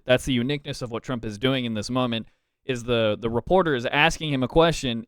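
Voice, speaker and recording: A man's voice: medium pitch, a bit bright, clean tone, no room sound, studio quality. A man streaming, giving casual reaction commentary with a chatty, laughing manner.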